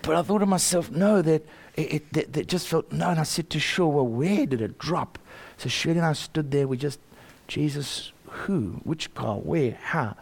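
An older man with a South African accent, telling a personal faith story in an earnest, animated way, often repeating words and chuckling. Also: on the high side, fairly quick, gravelly, hardly any pauses, slightly rough.

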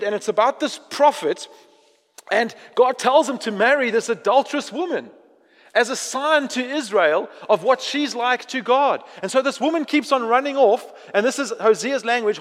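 A male pastor preaching a sermon in an animated way, acting out prayers and then dropping to a quiet, intense tone. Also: extremely high pitch, long reverb tail.

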